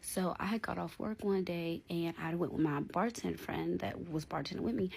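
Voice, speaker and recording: A young adult woman telling a casual storytime in a blunt, animated, slangy way, often checking in with her viewers. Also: fairly low pitch, moderate pace, vocal fry, a little hiss or hum.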